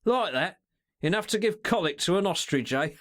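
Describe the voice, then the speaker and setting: Guy doing a sneery stealthy henchman, voice way up high and bouncy. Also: animated, fairly bright tone. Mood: scornful. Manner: slangy, sneering, drawn-out remarks. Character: sly, stealthy male secretary, cold menace.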